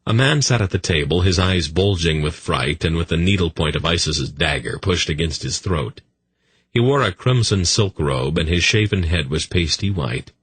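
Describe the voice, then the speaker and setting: A man narrating a fantasy audiobook in a measured storytelling manner. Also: low voice, expressive, a bit bright, husky, dry recording.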